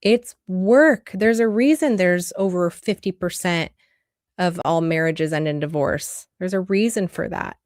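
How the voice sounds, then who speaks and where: A woman's voice: fairly low pitch, measured pace, darkish tone, no room sound, clean studio sound. A woman relationship coach giving an earnest, conversational livestream talk full of rhetorical questions.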